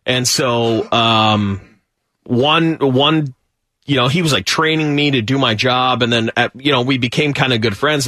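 A man hosting a radio talk show, telling stories in a casual, animated way. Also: medium pitch, measured pace, no echo, studio quality. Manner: animated storyteller, does voices and laughs. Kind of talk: casual chat.

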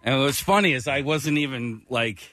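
A man's voice: mid-range voice, normal speed, sharp tone, no echo. A man co-hosting a casual radio show, talking in a playful way and laughing easily.

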